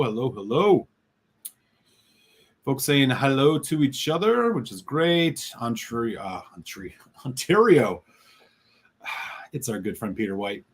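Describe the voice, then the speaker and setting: A man's voice: mid-range voice, breathy edge. Upbeat man hosting a live stream. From Chicago area. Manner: upbeat, greets viewers by name. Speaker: host. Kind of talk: live stream chat reading.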